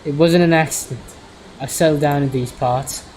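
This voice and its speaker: A man's voice: fairly high pitch, steady tone, moderate pace, darkish tone, a little hiss or hum, low-quality recording. Man reading a visual novel aloud. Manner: stumbles over words and corrects himself. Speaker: streamer.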